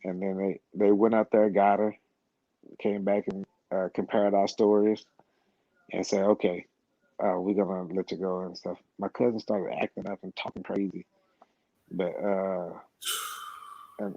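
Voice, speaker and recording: Low, dark-voiced man rambling through a story. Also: flat delivery, moderate pace, no echo. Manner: rambling, profane, repeats words and restarts often. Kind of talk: casual storytelling. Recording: slightly dull, lo-fi sound.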